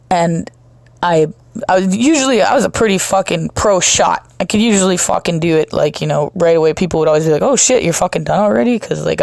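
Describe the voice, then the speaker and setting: A woman's voice: deep voice, darkish tone, no echo. A woman hosting her own podcast, telling stories in a rambling, casual monologue full of swearing and laughs, with her breathing audible on a home mic. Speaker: podcast host.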